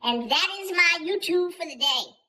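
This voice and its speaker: A man doing a high, lively foul-mouthed old grandma. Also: normal speed, heavily acted, poor audio. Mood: rowdy, profane. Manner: profane, rambling, self-interrupting. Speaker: YouTuber. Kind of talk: comic storytelling vlog.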